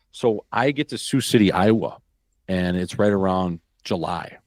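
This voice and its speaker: A man from Wisconsin tells a story as a podcast guest, animated and full of profanity. His voice sits low, and the recording is dry and close. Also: moderate pace, no room sound. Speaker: podcast guest, former hockey player. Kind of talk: casual storytelling.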